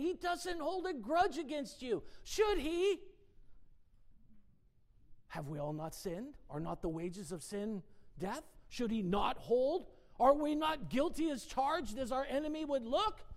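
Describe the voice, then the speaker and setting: Here her voice is high-pitched with a darkish tone. She delivers an informal devotional Bible lesson, reading definitions aloud, emphatically dwelling on single words and asking her listeners rhetorical questions.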